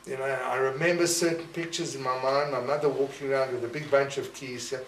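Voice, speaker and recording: An older man from Rhodesia recalls his family in a slow, reflective way. He tells his stories like an oral history, voicing his relatives as he goes. The room sounds roomy, the mic sits away from him, and there is a faint hiss behind. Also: mid-range voice, fairly even intonation, fairly bright tone. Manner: reflective, storytelling, acts out family quotes. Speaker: interviewee. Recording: roomy echo, distant mic, faint noise.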